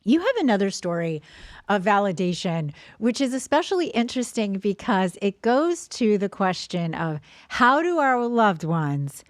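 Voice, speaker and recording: A woman's voice: medium pitch, dry recording, clean studio sound. A woman co-hosting a podcast, asking questions and encouragingly summing up her sister's stories. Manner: warm, encouraging, sums up what the guest says. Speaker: podcast co-host. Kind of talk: casual interview chat.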